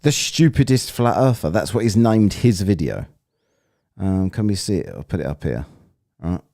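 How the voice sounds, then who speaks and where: A man's voice: low-pitched, animated, moderate pace, vocal fry, warm tone, no room sound, studio quality. A man hosting a live stream, mocking clips and rambling bluntly as he browses. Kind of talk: casual commentary while browsing clips.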